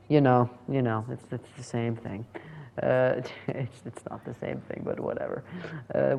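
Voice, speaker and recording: A man's voice: medium pitch, creaky, a little mellow. A man reviewing a manga chapter in casual solo commentary, rambling, correcting himself and chuckling as he goes.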